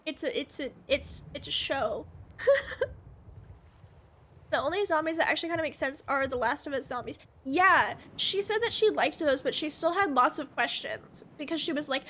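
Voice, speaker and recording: A woman's voice: high voice, moderate pace, long pauses, a bit bright, slight background noise. A woman streaming a game live, chatting casually with viewers in a rambling, giggly way.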